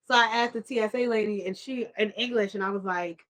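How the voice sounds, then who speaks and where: Podcast co-host, young woman, bright voice, animated storyteller. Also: fairly high pitch, fast, few pauses. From New York. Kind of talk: casual chat over wine.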